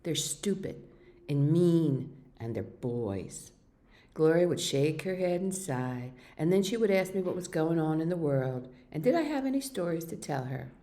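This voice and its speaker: A woman reads a children's novel aloud with steady, expressive storytelling. Her voice sits low and sounds mellow and warm. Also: moderate pace, few pauses. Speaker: reader.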